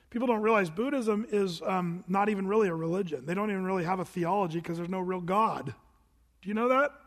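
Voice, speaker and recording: High-voiced man preaching in an echoing hall. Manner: earnest, emphatic preaching with repetitions and asides. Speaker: pastor. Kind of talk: sermon. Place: church sanctuary.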